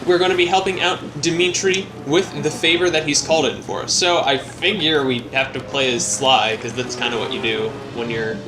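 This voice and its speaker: A young man hosts a laid-back gameplay commentary, rambling and poking fun at his own playing. His voice sits somewhat high, and clear game music plays behind him. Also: moderate pace, few pauses, poor audio. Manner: rambling, self-mocking and joking. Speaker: let's play host.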